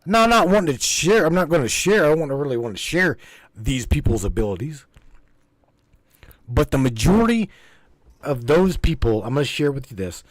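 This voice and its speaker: Hosting a spiritual livestream, this man speaks in a mid-range voice with no echo around him. His talk to the live chat is loose and casual, wandering and repetitive, forceful in emphasis, with plenty of swearing.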